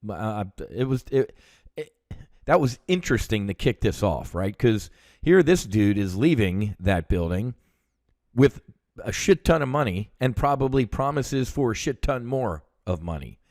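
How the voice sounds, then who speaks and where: An American veteran hosting a show rants heatedly through a story, swearing and using lots of fillers. He speaks unhurriedly in a medium-pitched, sing-song, slightly mellow voice, with clean studio sound and no room echo.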